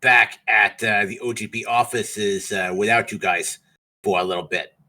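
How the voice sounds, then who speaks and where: A man serving as game master on a tabletop game stream. He talks in an easygoing, rambling way, full of little fillers. His voice is bright and forward, with a slightly husky, breathy edge. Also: fairly low pitch, fairly even intonation, moderate pace, rough recording. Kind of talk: casual chat closing a tabletop game stream.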